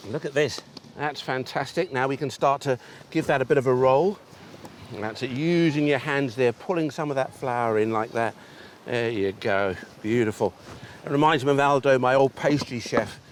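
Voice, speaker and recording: A man's voice: medium pitch, moderate pace, a little hiss or hum. A man hosting an outdoor cooking show, chatting enthusiastically and talking straight to the viewers as he demonstrates. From England. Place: outdoors on a beach.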